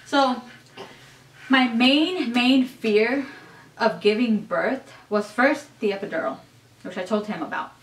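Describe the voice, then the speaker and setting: A young adult woman vlogger telling a personal story in a chatty, animated way, full of "like" and "you guys". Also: fairly high pitch, measured pace, far from the mic. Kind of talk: casual storytelling to camera. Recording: echoey room.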